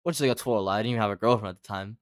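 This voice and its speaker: A young man telling a story in casual chat, rambling, swearing a lot and filling every pause with "like". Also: lowish voice, no echo, clean studio sound. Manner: rambling, heavy filler "like", lots of swearing.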